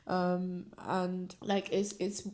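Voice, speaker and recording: A woman's voice: lowish voice, completely flat delivery, very slow, darkish tone. A young woman hosting a casual solo podcast, talking candidly and rambling, with many filler words. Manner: candid, rambling, says "like" often. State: tearful, crying at times. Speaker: podcast host.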